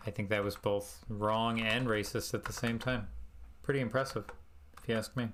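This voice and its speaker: A man's voice: lowish voice, steady tone, normal speed, a bit bright, slight background noise. A man giving casual gameplay commentary as a streamer, self-mocking and muttering his in-game commands aloud. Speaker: speedrunner and streamer.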